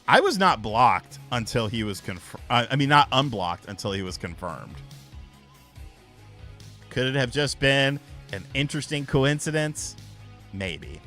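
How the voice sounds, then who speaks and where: Young male streamer, bright animated delivery, loose storyteller who swears. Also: mid-range voice, a little slow, long pauses, soft background music. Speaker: live stream host. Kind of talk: casual live stream chat.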